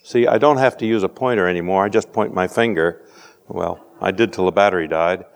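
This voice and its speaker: A man with a fairly low voice delivers a measured scientific lecture, dry-witted and patient. He often pauses on fillers as he works through an explanation. The sound rings with the long reverb of a lecture hall. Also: gravelly.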